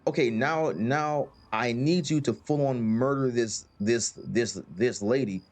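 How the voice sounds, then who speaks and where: A man's voice: mid-range voice, a little slow. A man hosting a casual gaming chat who rambles, repeats words and leans on fillers. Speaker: host.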